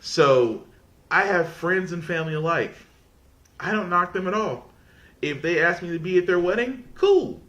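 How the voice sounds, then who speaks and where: A man's voice: sits high, expressive, normal speed, a bit bright, dull audio. A man hosting a podcast, talking in a casual rambling monologue with frequent restarts. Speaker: podcast host.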